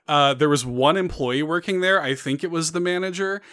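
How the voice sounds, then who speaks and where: A man chatting on a gaming podcast, his voice sitting a bit high. He tells stories with energy and laughs often as he goes. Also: moderate pace. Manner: animated storyteller, laughs often. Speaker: podcast co-host. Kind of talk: casual chat.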